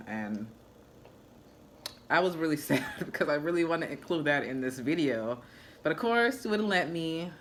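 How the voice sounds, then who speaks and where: Young woman, very deep voice, slow unhurried talk, casual vlog chat, laughs a lot. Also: a little hiss or hum. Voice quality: deep, low voice. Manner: chatty, laughing often, talks to her baby. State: recovering after childbirth. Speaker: new mother vlogger.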